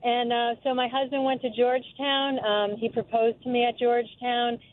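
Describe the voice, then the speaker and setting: A woman's voice: a little high, flat delivery, moderate pace. A woman calling in to a radio show from her car, friendly and gushing as a fan. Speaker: caller. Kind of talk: phone call to a radio show. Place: in a car while driving. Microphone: phone. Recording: tinny phone line.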